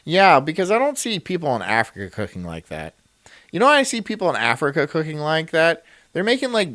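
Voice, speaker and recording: Man, streamer, rambling crude chat, swooping pitch, dry close sound. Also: a bit bright, no echo. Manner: rambling, crude and self-mocking, breaks into laughs. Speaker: streamer reacting to a video.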